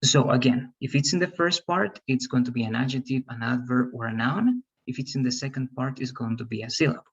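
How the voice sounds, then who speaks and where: A medium-pitched, animated man runs an online English pronunciation lesson by video call at a brisk pace. He stays patient and repetitive, saying "okay" and "right" often and naming students as he calls on them, though his slightly rough voice comes through dull audio.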